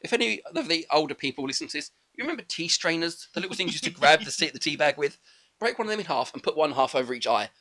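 A man co-hosting a podcast, chatting casually about a film with quick, jokey rants. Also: fairly high pitch. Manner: quick, animated, jokey ranting. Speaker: podcast co-host. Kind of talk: casual chat reviewing a film.

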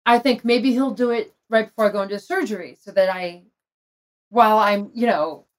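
A woman's voice: mid-range voice, moderate pace. A middle-aged woman candidly telling an emotional personal story in conversation, laughing often. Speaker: guest telling her story.

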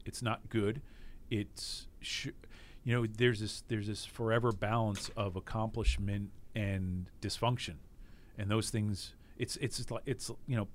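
A man's voice: lowish voice, slight background noise. A middle-aged man giving a candid, emotional interview on a podcast, reflecting with frequent restarts. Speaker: interview guest, former team executive.

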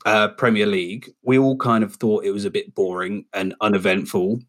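A man's voice: lowish voice, fairly even intonation, moderate pace, a bit bright. Man hosting a football podcast. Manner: runs the segments, reads out lists, quizzes the others. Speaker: podcast host. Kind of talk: casual podcast chat.

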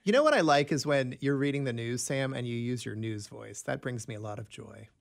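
Male co-host, gravelly texture, bouncy delivery, teasing asides in loose banter. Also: medium pitch, lively intonation, fairly quick. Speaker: radio show co-host. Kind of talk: casual radio banter.

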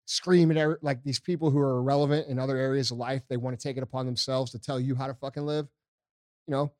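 A man co-hosting a podcast, talking politics in a blunt, profane, animated way. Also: mid-range voice, fast, dry recording, clean studio sound. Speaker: podcast co-host. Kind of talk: casual political chat.

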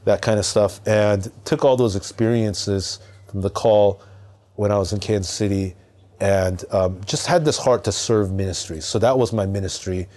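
Male podcast guest from Southern California, low mellow voice, casual and animated storyteller. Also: normal speed. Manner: animated storyteller, lots of fillers.

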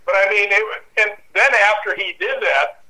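A man's voice: high voice, moderate pace, low-quality recording. A man telling a dramatic personal anecdote in an interview, acting out voices and growls as he goes. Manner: lively, acts out voices and dog growls. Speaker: guest storyteller.

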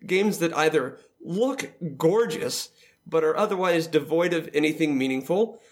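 A man hosts a casual roundtable about games. His voice sits slightly high for a man and has a gravelly, fry-laced edge. He steers the talk and laughs easily. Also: expressive, normal speed. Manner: leads the discussion, laughs easily. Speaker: podcast host.

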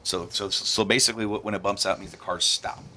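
A man's voice: on the low side, fast talker, slight background noise. A man casually telling a long story among friends, rambling and acting out what others said. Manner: rambling storyteller, animated, laughs while acting out quotes. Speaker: podcast co-host telling a story. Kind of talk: casual chat.

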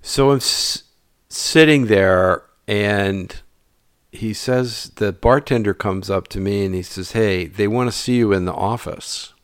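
A man's voice: on the low side, unhurried, smooth, dry recording, studio quality. A man telling a personal story in a casual way, acting out the dialogue and dropping to a mutter at times. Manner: animated, acts out dialogue, drops to mutters.

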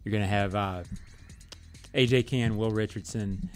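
A man co-hosting a sports talk show, breaking down roster questions in a measured, analytical way. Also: lowish voice, fairly even intonation, faint music behind. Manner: measured, analytical, thinks aloud with fillers. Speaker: sports radio co-host.

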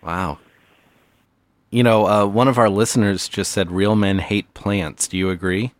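Brief: male podcast host, deep voice, playful mock sincerity, dry studio sound. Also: steady tone, unhurried, dry recording. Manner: mock-earnest, playful, stammering. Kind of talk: comedy podcast with call-ins.

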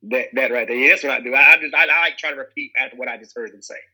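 A man's voice: mid-range voice, very fast, pushed and bright, slightly rough, low-quality recording. A young man from the American South with a Southern accent, an actor chatting casually in an interview, rambling with many restarts and fillers. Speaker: actor guest.

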